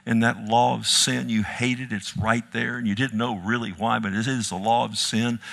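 A man preaches with a bright, forceful tone. He climbs into loud, urgent cries, then sinks to a hushed plea, and he keeps calling his listeners "loved one". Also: vocal fry. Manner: impassioned, swings from loud rising cries to low hushed pleading. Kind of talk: sermon.

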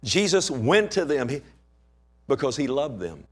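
A man preaching a sermon with passion, firing off rhetorical questions and swinging between loud and hushed delivery. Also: mid-range voice, very animated, a little slow, husky.

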